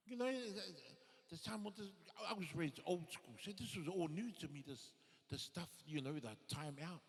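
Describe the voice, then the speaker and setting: A male comedian telling stories as stand-up comedy, lively and acting out the people he quotes. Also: on the high side, moderate pace. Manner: animated, acts out quoted voices. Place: live show in an arts and events centre. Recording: reverberant theatre hall.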